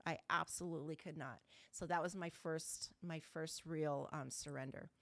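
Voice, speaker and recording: Blunt, low-voiced woman sharing her recovery. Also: fairly even intonation, moderate pace, vocal fry, a bit bright, no room sound. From Southern California. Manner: candid and blunt, with casual swearing. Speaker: guest speaker. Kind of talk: recovery meeting personal story. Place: online video call meeting.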